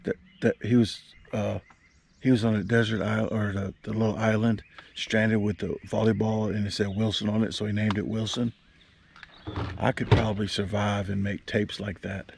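Man, low gravelly voice, jokey outdoor fishing vlogger, action cam audio. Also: flat delivery, moderate pace, darkish tone, slight background noise. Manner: rambling, joking, talks straight to the camera. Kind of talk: casual fishing vlog chat. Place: small boat on a lake outdoors. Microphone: action camera.

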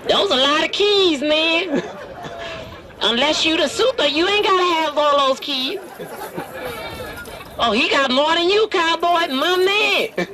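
A man's voice: extremely high pitch, animated, unhurried, long pauses. A man voicing a cheeky, streetwise wooden dummy, teasing strangers on a busy city street. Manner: brash, flirty, wisecracking. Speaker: ventriloquist's dummy. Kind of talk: street comedy teasing passersby. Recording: street crowd noise behind.

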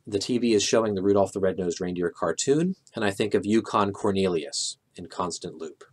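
A middle-aged man with a somewhat low voice teaches a memory method. He talks calmly and methodically, stepping through examples one by one with an occasional "uh". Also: brisk. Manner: calm, methodical, a few filler "uh"s. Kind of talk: explaining with walk-through examples.

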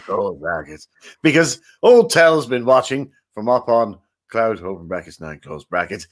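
A man's voice: medium pitch, fairly bright tone. A man playing a jovial, rambling game-show host who is dead and in heaven, hosting a comic improvised quiz. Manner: chummy, rambling, self-mocking banter.

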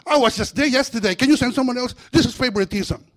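A man voicing an overworked male demon underling who whines in a high, loud, pleading voice during a sermon skit. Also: quick pace. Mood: whining. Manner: high-pitched pleading complaint.

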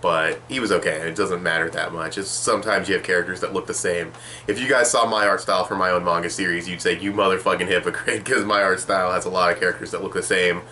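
Low bright-voiced sarcastic young man. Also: steady tone, fast, slight background noise. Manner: rambling, sarcastic, swears casually. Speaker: manga reviewer. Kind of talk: casual video review.

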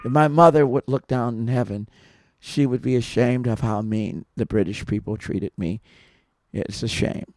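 A man talking in a casual, rambling monologue, telling stories with many restarts and growing louder when aggrieved. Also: mid-range voice, moderate pace, no room sound, clean studio sound. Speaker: podcast subject telling stories.

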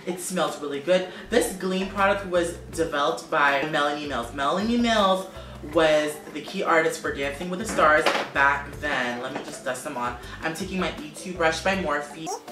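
A man's voice: a little high, moderate pace, distant mic. A man talking casually about makeup favorites in a vlog, gushing and repeating words for emphasis. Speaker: makeup vlogger. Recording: roomy echo, off-mic, music behind.

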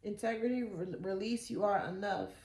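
A woman's voice: medium pitch, steady tone, normal speed, darkish tone. Blunt, cussing woman reading tarot. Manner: blunt, profane, mocking, laughs often. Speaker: tarot reader. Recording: echoey room.

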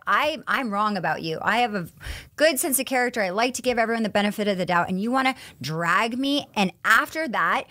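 A woman's voice: mid-range voice, a bit bright. Indignant woman recapping reality TV. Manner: heated, indignant retelling with quoted dialogue. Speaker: podcast co-host. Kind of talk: casual recap chat.

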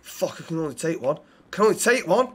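Sweary streamer, high-pitched voice. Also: male voice, very animated, a little hiss or hum. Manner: swears constantly, thanks viewers in quick bursts. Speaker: livestreamer. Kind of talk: live gameplay commentary and role-play.

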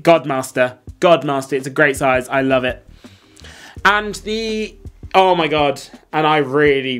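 A man hosting a relaxed watch ranking video. He talks in quick, blunt verdicts, with slang and frequent fillers. His voice sits at an average pitch, and faint music plays underneath. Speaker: host.

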